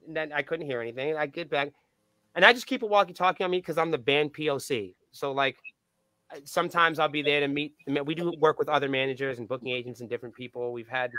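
A man's voice: mid-range voice, dry recording. A man who is a band's point of contact tells stories in a casual podcast interview, cursing freely and acting out the dialogue. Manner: profane, animated storyteller acting out dialogue.

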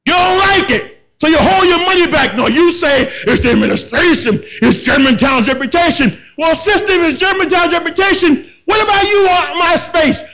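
High, bright-voiced preaching man. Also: rough recording. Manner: impassioned, shouting, repetitive. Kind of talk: sermon.

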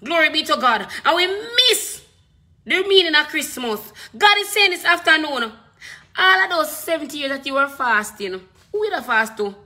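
High, bright-voiced Jamaican woman preacher. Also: very animated, moderate pace. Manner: impassioned, emphatic preaching with repeated phrases; switches between patois and standard English. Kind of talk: sermon.

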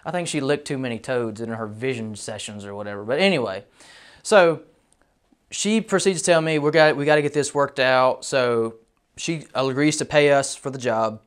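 A man tells a roofing job story in an easy, casual way. His voice sits a touch higher than most men's, and he drops into wry asides between the bits of the story. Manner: wry, animated anecdote-telling with asides. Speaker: roofing contractor telling a story.

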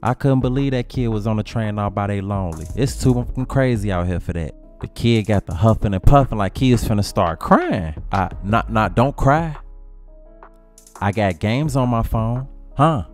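A man's voice: on the low side, moderate pace, darkish tone, faint music behind. A man telling a comic story in a brash, slangy style, trading insults. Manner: brash slangy trash-talk. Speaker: comedy storyteller.

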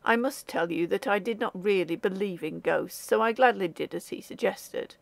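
A woman narrates a ghost story audiobook with a gravelly, creaky texture at a middle pitch. Her reading is measured and even, and the recording is close and dry, with no room sound. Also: no echo. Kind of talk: scripted narration.

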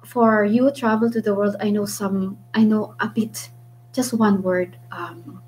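Slow, chatty Filipino woman vlogger. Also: a little high, poor audio. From Philippines. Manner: chatty, thinks aloud with many ums and pauses. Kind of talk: casual live-stream chat with viewers.

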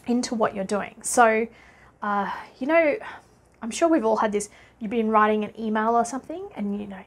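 A woman from Australia with an Australian accent, talking to camera as a business coach in a chatty, upbeat way, laughing often and filling gaps with "uh". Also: on the high side. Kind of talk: casual talking-head vlog.

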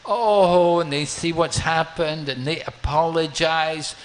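A man, a monk preacher, narrating a devotional story in a talk, deliberate and with frequent restarts. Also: on the high side, poor audio.

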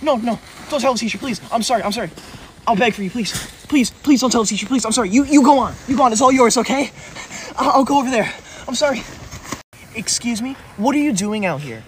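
Slight background noise accompanies a man's high, sing-song delivery as he acts out a self-righteous teacher's pet for a comedy sketch. His tone is preachy and whiny, and he's always ready to threaten telling the teacher.

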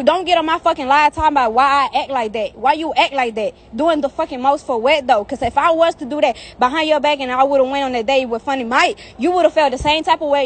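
A high-voiced young woman vents on a phone live stream from outside. Her talk is heated, profane and repetitive, and she hammers the same points again and again. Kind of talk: angry live-stream rant. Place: outdoors in the heat.

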